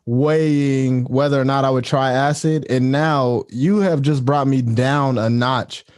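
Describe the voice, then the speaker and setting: A man's voice: mid-range voice, fairly even intonation, a little slow, darkish tone. A man hosting a casual podcast chat, laid-back, mostly giving short reactions. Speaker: podcast host.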